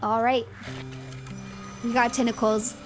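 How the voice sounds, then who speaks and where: A woman streaming a horror game, reacting in an animated, exasperated way and reading its dialogue aloud. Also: on the high side, slow, soft background music. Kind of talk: live game commentary.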